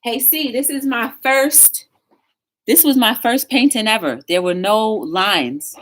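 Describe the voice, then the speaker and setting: A woman's voice: a little high, takes it slowly. A woman hosting a live-stream talk show, telling stories with energy and greeting viewers in the chat by name. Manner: upbeat, encouraging.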